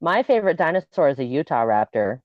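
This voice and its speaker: A woman's voice: low-pitched, big pitch swings, fast talker, dry recording, dull audio. A woman guest talking casually and bluntly, with crude humor and frequent laughs, over a remote call. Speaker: guest, piercer. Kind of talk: casual podcast chat.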